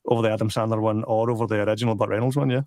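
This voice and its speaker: A man hosting a casual group chat over a video call, quick and rambling with many restarts. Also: lowish voice, flat delivery, a little mellow, no echo, clean studio sound. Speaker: host.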